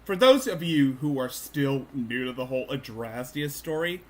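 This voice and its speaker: A man's voice: mid-range voice, animated, moderate pace. A man hosting a commentary stream, talking in a sarcastic, mocking way with stumbling restarts. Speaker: streamer host.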